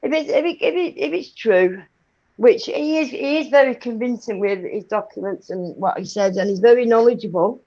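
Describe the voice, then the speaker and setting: A woman's voice: on the high side, moderate pace, dark tone, dull audio. A woman co-hosting a casual chat show, talking hesitantly and thinking aloud. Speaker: co-host.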